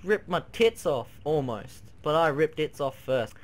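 Excitable high-voiced man gaming. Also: a little slow. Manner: excitable, swearing, yelps and shouts at scares; sings and hums to himself while playing. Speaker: gaming video creator. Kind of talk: let's play commentary.

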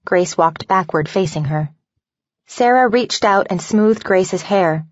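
A woman narrating a novel aloud in an even, measured storytelling voice. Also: medium pitch, no echo, dull audio. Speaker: audiobook narrator.

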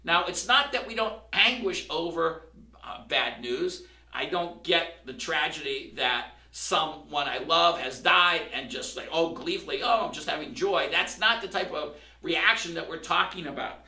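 Gravelly, bright-voiced male pastor preaching. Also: fairly high pitch, lively intonation, unhurried, recorded from a distance. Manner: conversational preaching, building to emphatic questions. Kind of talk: sermon. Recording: roomy, from across the room.

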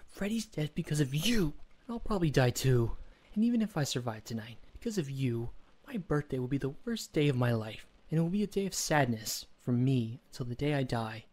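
A man's voice: mid-range voice, very animated, brisk, a little mellow, pitched above the performer's own voice. A man voicing a furious, tearful teenage girl who hurls accusations at someone. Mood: bitter.

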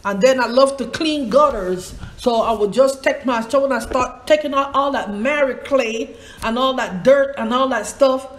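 A woman's voice: sits high, normal speed. A woman giving an informal Bible teaching, wandering into asides, spelling out names and asking rhetorical questions.

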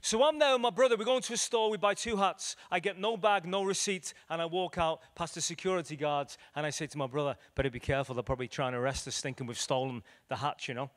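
A man preaches to a church gathering, his voice sitting a little high for a man. He tells stories with lively energy, slipping into the voices of the people in them. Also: fast, few pauses. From Liverpool, England. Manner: animated storyteller acting out dialogue. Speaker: evangelist preacher. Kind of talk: storytelling evangelistic sermon. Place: church meeting room with audience.

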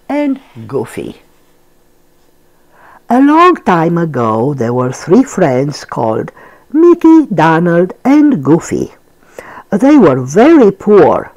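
An older woman hosting a storytime channel, reading a picture book aloud to children in a gentle, expressive way. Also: fairly low pitch.

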